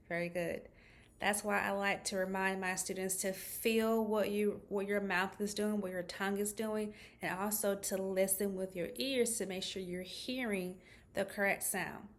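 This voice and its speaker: Woman speech therapist, slow and patient delivery, over-articulates sounds for kids. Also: mid-range voice. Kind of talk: children's speech lesson.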